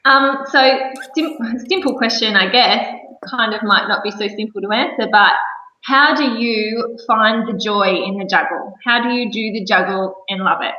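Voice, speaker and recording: A woman's voice: a little high, moderate pace, bright, forceful tone, reverberant, muffled recording. A woman hosting an interview, upbeat and affirming. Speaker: interview host. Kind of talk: casual interview chat.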